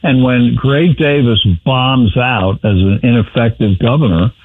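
A man's voice: medium pitch, unhurried, no room sound. A man giving blunt, wry political commentary on a talk radio show. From New York. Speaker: guest commentator. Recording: tinny phone line.

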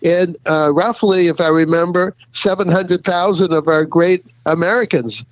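Here the male author-guest speaks in a high voice at a moderate pace, chuckling and wandering through lengthy replies packed with fillers and false starts. There's no echo, though the recording quality is low.

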